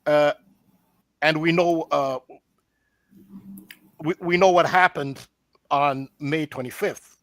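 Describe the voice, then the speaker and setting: A man's voice: a little high, fairly even intonation, slow pace, long pauses, fairly bright tone, no room sound. A man on an online roundtable, earnestly laying out a theory, often restarting his sentences. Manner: earnest, explanatory, with frequent restarts. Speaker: roundtable guest presenting a theory. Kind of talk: casual online roundtable discussion.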